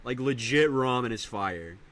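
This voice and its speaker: A young man streaming casually, rambling in slang and breaking into loud high yells. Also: expressive, unhurried. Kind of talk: casual live-stream chat.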